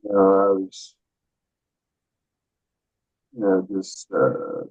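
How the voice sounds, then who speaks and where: A man answering interview questions as a guest, hesitant and soft-spoken with many pauses. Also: low-pitched, slightly rough. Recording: phone-like remote call audio.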